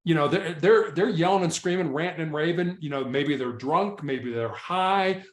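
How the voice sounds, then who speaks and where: Earnest male storyteller, slightly high voice, repeats himself, echoey room. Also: normal speed. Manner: repeats and restarts words, earnest. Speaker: former SWAT hostage negotiator, guest. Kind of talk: casual interview storytelling.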